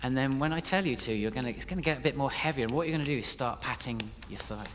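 A man preaching live in a church hall, playful and energetic, directing his congregation as he tells a story. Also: medium pitch, quick pace. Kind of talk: interactive sermon storytelling. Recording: reverberant hall, faint noise.

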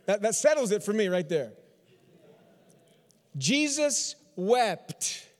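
A pastor from Texas preaching a sermon, driving points home with repeated phrases and rhetorical questions. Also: male voice, high voice, big pitch swings, quick pace, darkish tone, long reverb tail. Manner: repetitive, emphatic rhetorical questions.

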